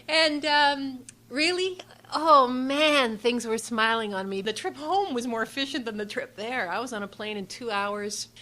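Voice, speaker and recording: A middle-aged woman from Canada telling a personal story, expressive and swinging between hushed and excited tones. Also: medium pitch, a little hiss or hum, rough recording.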